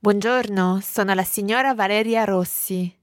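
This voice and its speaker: A woman's voice: mid-range voice, normal speed, no room sound, clean studio sound. A woman co-teaching a podcast language lesson who models phrases and encourages the learner's answers. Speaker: co-host teacher.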